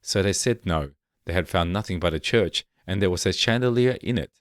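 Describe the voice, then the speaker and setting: Brief: male storyteller, deep voice, calm measured reading, dead-dry booth. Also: dry recording. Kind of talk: scripted fairy-tale narration.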